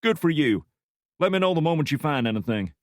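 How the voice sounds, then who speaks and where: Brief: icy audiobook boss, high and loud, curt orders, voiced by a male narrator. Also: sing-song, a little fast, no echo, studio quality. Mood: cold demanding. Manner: curt, commanding, raised voice. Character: intimidating male boss, cold and demanding.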